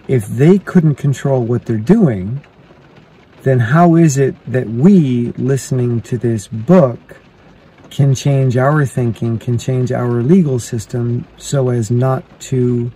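A fitness vlogger in his fifties speaks to the camera in a relaxed, reflective monologue, thinking out loud as he goes. His voice is mid-range and warm, with slight background noise behind it.

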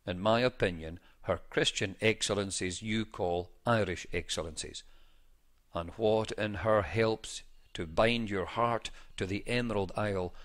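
A man reading an old first-person account aloud in a measured, formal, preaching manner. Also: lowish voice, a bit bright. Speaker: reader.

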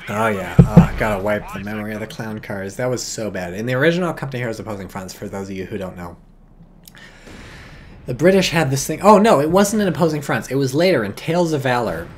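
A man's voice: mid-range voice, lively intonation, fast, noisy background. A man streaming a strategy game, talking in a rambling, profane, sardonic way and reading out chat messages. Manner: reads chat messages aloud. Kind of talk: casual live-stream commentary.

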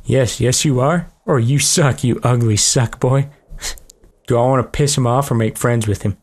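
Brash, profane young gaming host. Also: male voice, mid-range voice, normal speed, a little mellow. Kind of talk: casual let's play commentary.

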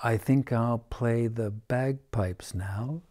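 A man's voice: medium pitch, slow, a little mellow. A man voicing an eager, sulky storybook duck.

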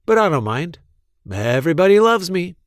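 Man voicing a wind-up toy mouse, male, high squeaky voice, singsong, contented, storybook. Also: very animated, moderate pace, smooth, no echo, studio quality.

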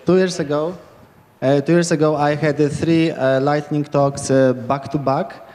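Sleepless male speaker, halting delivery, fairly high voice, reverberant hall. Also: fairly even intonation, darkish tone. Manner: halting, many fillers and restarts. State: sleep-deprived. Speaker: conference speaker. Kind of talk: informal talk opening. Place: conference hall stage.

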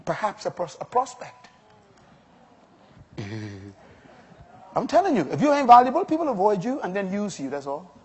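Animated preacher man in echoing hall. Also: high-pitched, moderate pace, pauses often, slightly rough. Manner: emphatic, preacherly, rising to exclamations. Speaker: pastor. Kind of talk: sermon. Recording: long hall reverb.

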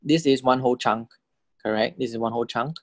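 A man's voice: fairly even intonation, fairly quick, no room sound. Patient male language teacher, dry close sound. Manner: patient, checks understanding with repeated "correct?" and "okay?"; repeats example words several times with rising and falling pitch to model tones. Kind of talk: recorded lecture explaining Thai spelling and tones.

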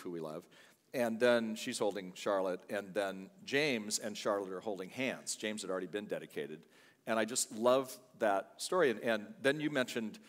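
A man's voice: on the low side, big-room sound. An older man, a guest pastor, preaching a sermon full of chatty, humorous family stories in a church. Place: church sanctuary.

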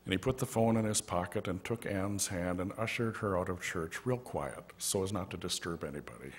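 Brief: male pastor, slightly low voice, gentle storyteller in a church sanctuary. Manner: gentle storytelling with soft asides. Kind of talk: storytelling sermon.

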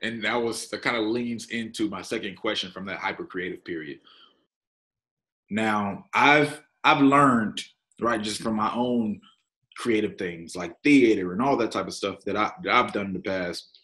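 A man hosting a casual interview, talking in a relaxed, conversational way and laughing easily. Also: fairly low pitch, normal speed. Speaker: interviewer, podcast host.

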